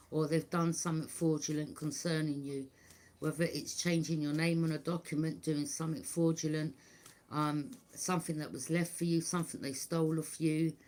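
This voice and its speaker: A middle-aged woman, talking bluntly and repetitively to her viewers as a tarot reader. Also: low-pitched. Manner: blunt, repetitive, keeps asking "do you understand". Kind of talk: casual monologue to viewers.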